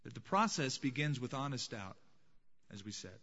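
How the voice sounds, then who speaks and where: A male pastor preaching a sermon in a dramatic manner, dropping to a hush and then rising to emphatic points. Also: medium pitch, sing-song, moderate pace, long reverb tail, lo-fi sound. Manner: dramatic, swings between hushed and emphatic.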